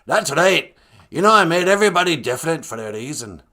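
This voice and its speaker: Man doing a gruff, pirate-like creator spirit, booming and fatherly, high-pitched for him. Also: sing-song, fairly quick, bright, forceful tone, full character voice. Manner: booming, fatherly, calls others "me son".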